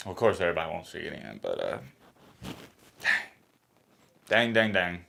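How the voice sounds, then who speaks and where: A man, a sports YouTuber, talking in a dejected, halting way, sighing and close to tears in a reaction vlog. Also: low-pitched, wildly swooping pitch, gravelly, a bit bright, a little hiss or hum.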